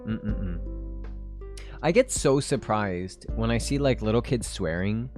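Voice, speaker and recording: A man's voice: on the low side, lively intonation, slow pace, darkish tone, soft background music. Chatty man rambling on a stream. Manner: rambling and chatty, with frequent laughs. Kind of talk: casual stream chat.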